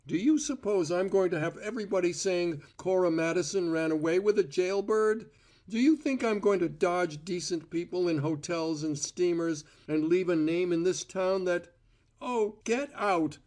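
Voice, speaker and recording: A male audiobook reader performs a scornful young woman, sharp and contemptuous. Her voice rides well above a man's usual pitch and swings widely. It turns shrill and screaming. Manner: scornful and bitter. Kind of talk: audiobook character voice.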